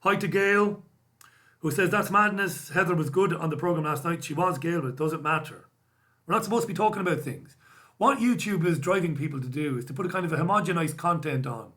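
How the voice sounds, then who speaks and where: A man's voice: fairly high pitch, fairly quick, bright, forceful tone. An Irish man hosting a live stream, chatting casually and wryly as he reads out viewer comments. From Ireland. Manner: casual, wry, self-deprecating banter. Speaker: host.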